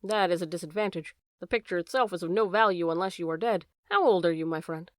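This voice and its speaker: A woman voicing a male art dealer who is smooth, cold and calculating. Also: fairly low pitch, fast, no room sound, studio quality, close to an everyday voice. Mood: coaxing. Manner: cold, then coaxing.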